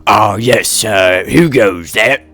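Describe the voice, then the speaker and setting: A man's voice: on the low side, slow pace, fairly bright tone. A man voicing a dutiful male guard who answers the door in a stiff, formal way.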